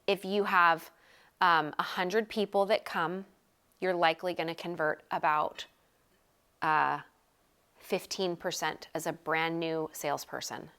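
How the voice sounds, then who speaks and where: A woman in her thirties coaching a group on a live video call, talking energetically in quick bursts and repeating phrases for emphasis. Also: on the low side, bright, forceful tone, clear, resonant tone. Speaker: sales coach.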